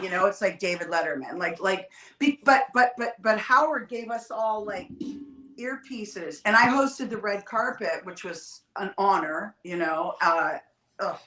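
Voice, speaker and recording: A woman telling stories in a casual, profane, animated way, as a guest on a livestream call. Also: medium pitch, reverberant, rough recording. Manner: profane, animated, quick storytelling. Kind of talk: casual storytelling chat. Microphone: livestream video call.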